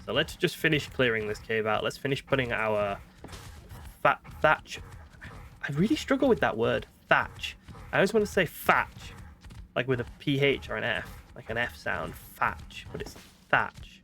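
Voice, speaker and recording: A northern British man talks his way through a game, thinking aloud and poking fun at himself. His pitch swings about with animation. Soft background music plays under his voice. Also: very animated, a little fast, creaky. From northern Britain. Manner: chatty, thinks aloud, self-mocking. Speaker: gaming streamer. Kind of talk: casual gameplay commentary.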